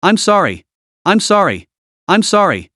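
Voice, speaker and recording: Guy doing a scared young woman, teary and begging, pitch a bit up, lively. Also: fairly quick, dry recording, clean studio sound. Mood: tearful. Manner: tearful, pleading. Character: frightened young woman cultivator.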